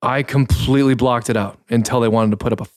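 A man playing a tabletop game, speaking in character in a halting, hesitant way with many restarts. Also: mid-range voice, fairly even intonation, dry recording, clean studio sound. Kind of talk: in-character role-play.

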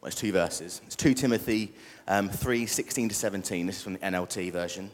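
A man's voice: low-pitched, brisk, a little hiss or hum. A young British man preaching a casual sermon and joking with the congregation. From Britain. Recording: echoey church hall.

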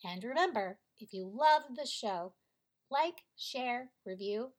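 A woman reading a bedtime story aloud as a podcast storyteller, gentle and soothing. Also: fairly high pitch, expressive, takes it slowly.

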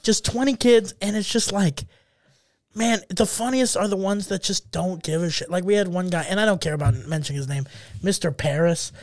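A man with a notably high voice co-hosts a loose podcast conversation. He tells stories with animated energy, jumps into other people's voices, and swears freely. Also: a little fast. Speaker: podcast co-host. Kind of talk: casual podcast chat.

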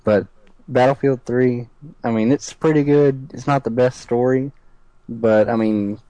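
A young man in a casual gaming chat, talking haltingly and restarting with "uh" and "I mean.". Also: mid-range voice, steady tone, mellow, dry recording, rough recording.

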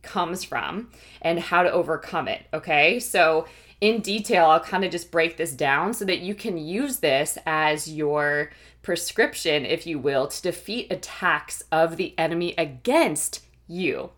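A woman with a somewhat low voice gives an earnest faith-based teaching talk. She explains step by step and keeps checking in with her listeners with "okay?" and "right?". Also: fairly bright tone. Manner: earnest, explanatory, occasional restarts. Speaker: Christian teacher and life coach.

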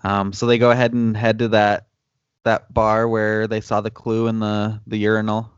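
A man's voice: on the low side, monotone, moderate pace, clear, resonant tone, dry recording, dull audio. A man co-hosting a casual movie recap chat, laid-back, with ums and laughs. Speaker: podcast co-host.

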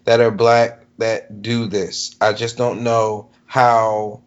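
A man co-hosting a casual chat, laying out his thoughts in long, drawn-out explanations full of asides. The recording sounds dull and lo-fi. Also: fairly low pitch, flat delivery. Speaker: podcast co-host.

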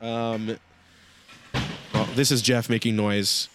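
A man's voice: lowish voice, level tone, slow pace, noisy background. A man co-hosting a casual sports chat, dry and sarcastic, often hesitating with fillers. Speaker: podcast co-host.

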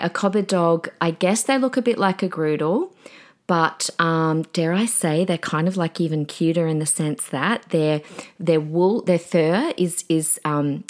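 A woman hosting a podcast on her own, chatting in a gushing way with lots of fillers and asides. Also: deep voice. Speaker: podcast host and preacher. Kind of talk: casual solo podcast chat.

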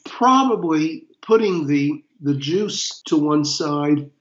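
An older man, an interview guest, speaking slowly and thoughtfully with soft chuckles. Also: on the high side, expressive. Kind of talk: casual interview chat. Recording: echoey, dull lo-fi room sound.

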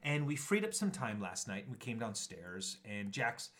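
Animated, laughing male podcast host. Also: lowish voice, moderate pace. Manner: animated storyteller, laughs often, acts out quotes. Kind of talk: casual chat.

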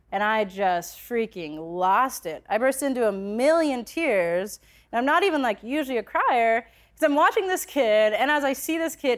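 A woman's voice: mid-range voice, clear, resonant tone. A young adult woman telling a personal story in a conversational way, full of filler words, growing passionate as she speaks. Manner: conversational, many filler likes, grows passionate.

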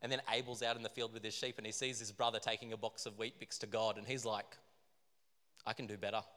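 A man's voice: lowish voice, fast. Man joking through a Bible story. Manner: animated, joking, laughs at himself. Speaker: speaker. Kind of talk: comic Bible story retelling. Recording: reverberant hall.

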